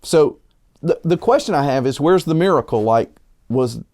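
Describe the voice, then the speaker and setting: A man's voice: lively intonation, a little mellow. Man preaching in a conversational sermon. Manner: conversational preaching with frequent restarts and rhetorical questions; slows and rises in pitch for emphasis. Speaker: pastor.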